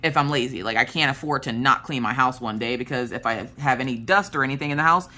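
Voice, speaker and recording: A woman vlogger in casual storytime chat, frank and animated as she tells a family story. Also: a bass voice, fast talker. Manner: animated, frank storyteller who acts out quoted voices. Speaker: crafting vlogger.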